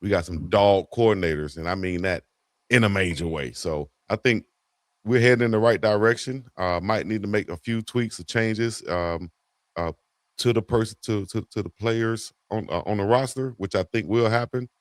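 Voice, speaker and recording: A man's voice: lowish voice, normal speed, dry recording, studio quality. A man co-hosting a casual sports talk show, laid-back and fond of repeating a catchphrase. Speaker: co-host.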